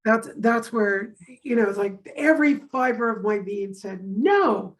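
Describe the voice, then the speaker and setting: A woman speaking on a video call in a relaxed, conversational way. She tells anecdotes with energy, and she acts out the lines of the people in them. Her voice sits in a middle pitch. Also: moderate pace, low-quality recording. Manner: animated storyteller, acts out quoted dialogue. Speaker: course teacher. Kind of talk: casual conversation.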